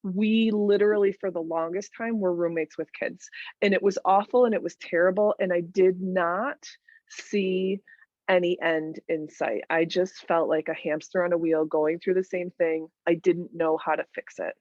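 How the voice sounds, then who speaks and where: Earnest woman, low voice, muffled mic. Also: steady tone, normal speed, a little mellow, no echo. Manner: earnest, emphatic, repeats phrases for weight. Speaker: podcast guest. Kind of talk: candid conversational interview.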